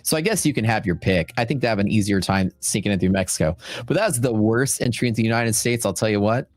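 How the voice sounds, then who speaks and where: A man's voice: on the low side, lively intonation, fast talker, no room sound. A man with a Texan accent hosting a trading livestream in a rambling, chatty way, full of fillers and asides. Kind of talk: casual livestream chat.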